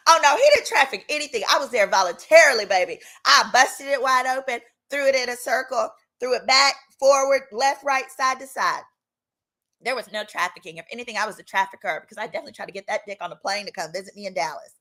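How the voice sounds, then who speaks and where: A woman in her thirties hosts a channel and tells a long personal story in a sassy, animated way. Her voice is bright and a little high, and she slips into other people's voices for the quotes. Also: fairly quick. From Texas. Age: 30s. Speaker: legal commentary host. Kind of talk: casual storytelling.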